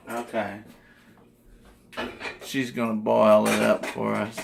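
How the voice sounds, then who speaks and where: A man's voice: lowish voice, level tone, vocal fry, noisy background. A man hosting a home cooking show, reading out a recipe and joking as he goes. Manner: playful, reads out a recipe slowly. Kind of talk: casual cooking demonstration.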